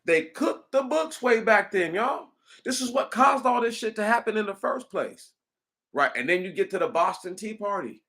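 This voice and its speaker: A man delivering a casual, rambling monologue, animated and profane, speaking straight to his listeners. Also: high-pitched, normal speed. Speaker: commentator.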